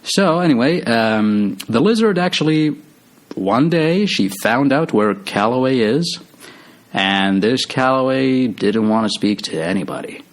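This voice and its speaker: A man's voice: medium pitch, animated, unhurried. A man casually retelling a movie's story, rambling with lots of fillers and restarts. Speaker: movie recap host.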